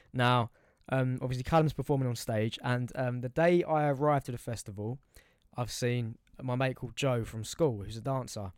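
A man's voice: mid-range voice, a little mellow, no echo. Slangy young man, dry sound. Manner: slangy, blunt and swearing. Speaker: podcast co-host. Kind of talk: casual chat.

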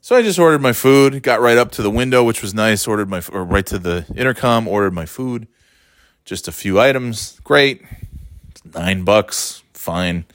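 A man's voice: on the low side, moderate pace, no room sound, clean studio sound. A man telling a casual, swear-laden anecdote, tired and exasperated, with mocking asides. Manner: animated, swearing, mocking voices in quotes. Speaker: storyteller.

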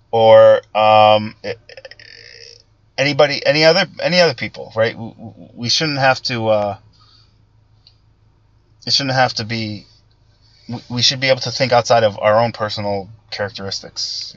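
A man hosting a casual political monologue, talking in halting bursts with many restarts and fillers. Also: mid-range voice, no echo, highs cut off. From Italian-American background. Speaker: political commentary host.

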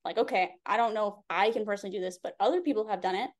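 A woman business coach speaking as a podcast guest in a relaxed, candid way, with many casual fillers. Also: medium pitch, rapid-fire. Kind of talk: casual chat.

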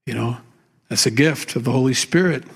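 A man's voice: medium pitch, brisk, creaky, breathy edge. A middle-aged man, a pastor, teaching a conversational sermon in a plainspoken, candid way, with asides and self-deprecating humor. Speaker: pastor teaching a Bible study.

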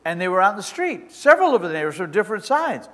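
A man pastor delivering a sermon in a church, preaching with passion that swells into shouts, with halting restarts while he tells a story. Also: high-pitched, big pitch swings, a little hiss or hum. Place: church sanctuary with a responding congregation. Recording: long reverb of a church hall.

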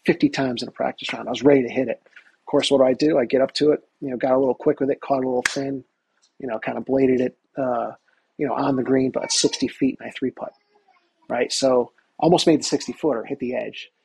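A middle-aged man, a golf professional, telling stories in a casual interview with lots of energy, talking in quick bursts. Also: mid-range voice, steady tone, creaky, a little mellow, slightly rough, poor audio. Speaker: guest, touring golf professional.

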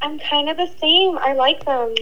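Young female co-host, high and bright, easygoing and chatty. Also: moderate pace, lo-fi sound. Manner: chatty, agreeable, says "literally" a lot. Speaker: podcast co-host. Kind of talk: casual chat.

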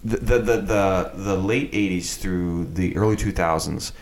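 A man's voice: sits low, measured pace. A man in casual chat, ranting with strong opinions and mocking impressions. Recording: echoey room.

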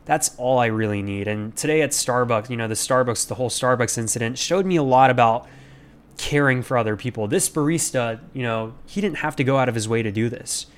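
An earnest man in the middle pitch range, reflecting aloud on his podcast. He rambles and restarts in a casual monologue that is full of fillers. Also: fairly quick, clear, resonant tone. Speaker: podcast host.

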